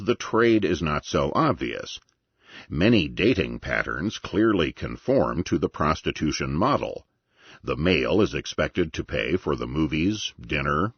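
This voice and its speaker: A man reading an argumentative nonfiction book aloud in a measured, deliberate way. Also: rumbling low, creaky, husky, no echo. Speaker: narrator. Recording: muffled lo-fi recording.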